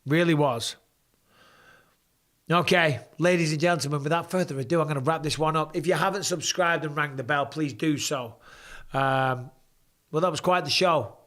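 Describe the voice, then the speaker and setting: A man's voice: on the high side, fairly bright tone. A man hosting a live fight reaction stream in a casual way. He is tired after hours of talking, swears freely and reads viewer comments aloud. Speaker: host of a live fight watch-along stream.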